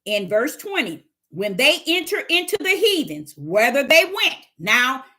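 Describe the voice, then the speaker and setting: Woman doing bible study on a livestream, high bright voice, slow and emphatic, keeps asking the chat questions. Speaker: Bible teacher.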